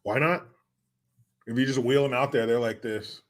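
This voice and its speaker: A man's voice: medium pitch, fairly even intonation, moderate pace. A man hosting a casual livestream, reading viewer comments aloud and ranting with profanity and sarcasm. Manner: profane, sarcastic, mocking impressions. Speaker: livestream host reading chat.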